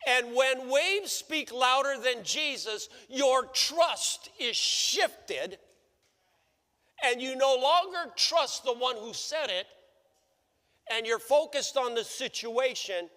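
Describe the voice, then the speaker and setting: A man's voice: very high voice, lively intonation, slow, sharp tone, long reverb tail. A man preaching a sermon as pastor, working through the story with repeated rhetorical questions. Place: church sanctuary.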